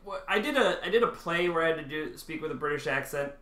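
A man with a slightly high, bright, forceful voice talks fast and animatedly while playing a co-op video game, cracking jokes, swearing often, and laughing a lot. It's casual gaming chat recorded in an echoey room with game music in the background.

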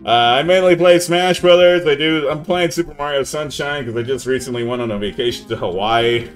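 On a live gaming stream, this young man talks in a relaxed way, slightly high and slightly fast, with soft music in the background. He drops "man" often and occasionally shouts at the game.

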